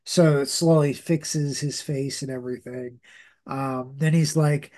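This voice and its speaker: This podcast host is a man with a mid-range, dark-toned voice, fairly even intonation and a measured pace. He casually goes over a comic book story, rambling with many fillers and restarts.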